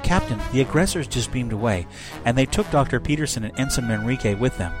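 A man voicing a first officer giving a brisk report over the comm, read over background music. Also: mid-range voice, animated, natural voice. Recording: music playing behind.

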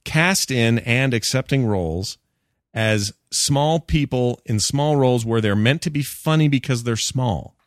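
Low-voiced man musing in casual chat. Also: measured pace, no room sound, studio quality. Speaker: podcast co-host.

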